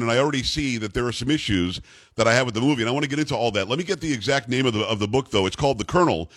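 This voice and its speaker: A man's voice: mid-range voice, a bit bright, dry recording. A man hosting an interview, eager and chatty, who often restarts his sentences. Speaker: host. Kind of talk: casual interview.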